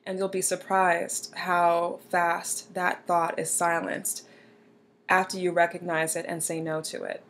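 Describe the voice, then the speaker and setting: A young woman talks straight to the viewer with earnest encouragement, as she gives self-help advice. Her voice sits fairly low for a woman. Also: level tone, a little slow, a bit bright, a little hiss or hum. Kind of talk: motivational advice talk.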